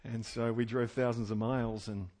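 A middle-aged male pastor preaching a sermon, moving between loud, emphatic preaching and quiet, folksy storytelling with chuckled asides. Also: mid-range voice, flat delivery, moderate pace.

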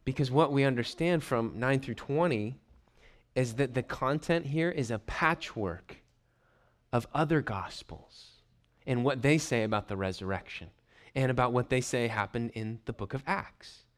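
The preacher, a man with a mid-range voice, keeps his teaching sermon lively. Quick asides get their own put-on voices, and every so often he clears his throat.

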